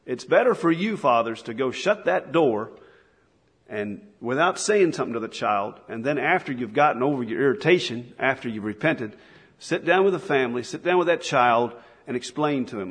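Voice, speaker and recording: A man's voice: mid-range voice, expressive, normal speed, a bit bright. A middle-aged man preaching a sermon to fathers in an earnest, conversational way, often restarting his sentences. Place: church hall. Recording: husky voice in a long-reverb hall.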